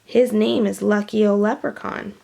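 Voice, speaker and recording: A woman's voice: medium pitch, steady tone, normal speed, creaky, warm tone. A woman voicing a clever young schoolboy explaining plans in a children's storybook. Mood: eager. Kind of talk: storybook read-aloud.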